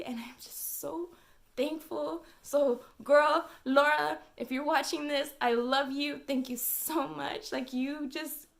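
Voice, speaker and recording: A young woman vlogging, venting in a casual, emotional way, with fillers and swearing. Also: sits high.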